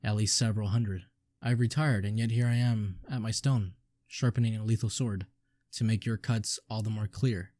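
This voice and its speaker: A man voicing an old retired sword sharpener who speaks slowly and regretfully, with a lowish mellow voice. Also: fairly even intonation, no echo, natural voice. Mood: solemn.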